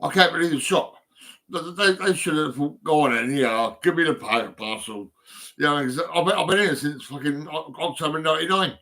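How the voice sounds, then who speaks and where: A man's voice: fairly high pitch, a little fast, sharp tone. A man vlogging at home, rambling casually with lots of fillers and the odd swear.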